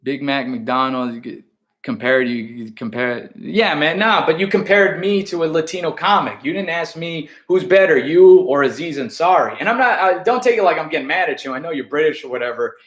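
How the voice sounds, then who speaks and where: A man's voice: a little high, brisk, fairly bright tone, roomy sound. A man from the United States, a stand-up comedian, talking in a casual, profane, rambling way with lots of restarts. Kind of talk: casual backstage interview chat.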